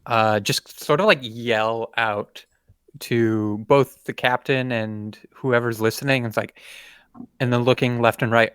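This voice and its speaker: A man's voice: medium pitch, fairly even intonation, a little slow, a bit bright, smooth, dry recording, studio quality. A man playing a tabletop game, working out his moves hesitantly as he talks. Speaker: player. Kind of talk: casual tabletop game play.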